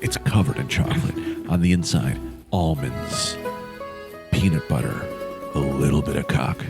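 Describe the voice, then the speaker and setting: A crude, hushed bedroom-voice pitchman, as a man puts it on. The voice sits very deep and goes breathy and unvoiced in places. Music plays clearly behind it. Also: normal speed.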